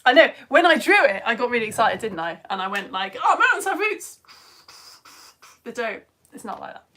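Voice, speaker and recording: A British woman in her thirties teaching a live science lesson for children, chatty, excitable and quick to laugh at herself. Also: medium pitch. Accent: British English. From United Kingdom. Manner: chatty, excitable, self-mocking.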